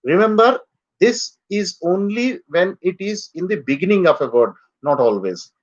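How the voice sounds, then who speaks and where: A man teaching English pronunciation in a live online lesson, drilling words slowly for students to repeat. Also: high voice, lively intonation, muffled recording.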